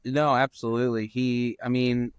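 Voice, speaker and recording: A man talking as a guest on a casual movie podcast, animated and chatty. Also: mid-range voice, normal speed, clear, resonant tone, no room sound, muffled recording. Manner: animated, acts out quoted voices.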